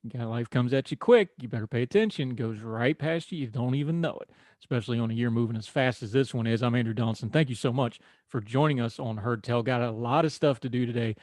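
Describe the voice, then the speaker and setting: A man's voice: mid-range voice, fast talker, a little mellow, dry recording. Folksy man hosting talk radio. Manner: folksy, conversational, wry asides. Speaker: radio show host. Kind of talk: political talk radio monologue. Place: radio studio.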